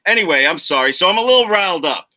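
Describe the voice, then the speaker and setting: A man from the United States, co-hosting a casual football chat and ranting with animated, teasing energy. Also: sits high, racing, no echo, highs cut off. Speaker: co-host.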